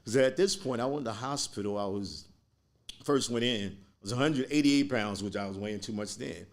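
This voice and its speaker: A man speaking as a podcast guest, telling a personal story in a slow, earnest way. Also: on the low side.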